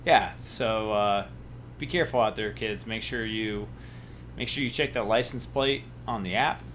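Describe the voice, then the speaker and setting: A man's voice: lowish voice, moderate pace, a bit bright, slight background noise. A man from Iowa co-hosting a casual sports podcast, laid-back and dryly teasing his co-host. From Iowa, USA.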